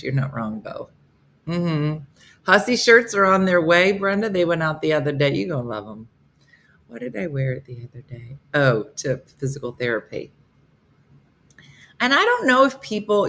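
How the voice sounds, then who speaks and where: A woman in her fifties hosts a relaxed live morning stream, answering viewers by name. Her voice sits low, and she keeps it chatty and joking. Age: 50s. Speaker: host of a live morning show. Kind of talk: casual live-stream chat reading comments.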